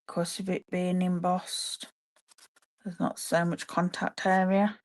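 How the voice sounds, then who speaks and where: A woman's voice: fairly low pitch, flat delivery, unhurried. A woman demonstrating card making on a live stream from her home craft room, chatting to viewers as she works. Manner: chatty, talks to viewers while working. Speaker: papercraft demonstrator.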